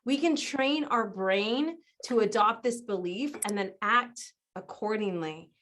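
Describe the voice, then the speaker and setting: A woman guest on a podcast interview, explaining ideas in an animated way, often laughing and acting out other people's voices. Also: mid-range voice, unhurried, a little hiss or hum. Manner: animated, acts out quoted voices. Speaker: guest business strategist.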